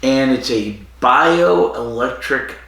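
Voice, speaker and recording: A man's voice: medium pitch, expressive, drawn-out words, a bit bright. A man co-hosting a casual podcast, retelling a TV episode and acting out the characters' lines. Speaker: podcast co-host. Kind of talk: casual chat recapping an episode. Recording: very echoey room with faint noise.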